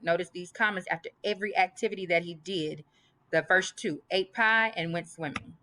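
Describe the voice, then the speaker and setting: A woman's voice: lowish voice, moderate pace, pushed and bright, slight background noise. A woman teaching a grammar lesson, emphatic and reading example sentences aloud. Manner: emphatic, repeats list items aloud.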